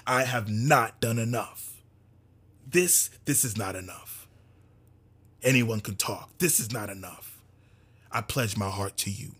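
Man, husky voice, impassioned monologue, fervent, repetitive emphasis, loud then hushed. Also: fairly low pitch, slow, pauses often. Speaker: speaker addressing his community.

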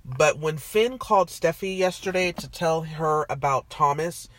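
A woman's voice: sits low, unhurried, no room sound. Exasperated woman recapping soap drama. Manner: animated, exasperated ranting. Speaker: podcast co-host. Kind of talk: casual soap opera recap chat.

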